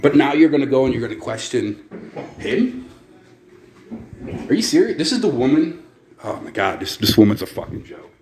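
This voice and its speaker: A man's voice: mid-range voice, animated, normal speed, a little mellow. A man rants through a podcast monologue, angry, sarcastic and swearing freely. His voice sits in a mid range and bounces around an echoey room, with a faint hiss of noise under it. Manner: angry, profane, sarcastic ranting. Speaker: podcast host.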